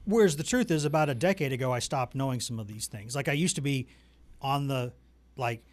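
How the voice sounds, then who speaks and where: A man's voice: medium pitch, brisk, dry recording. A man hosting a casual sports talk show, rambling and joking at his own expense. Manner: rambling, joking, self-deprecating.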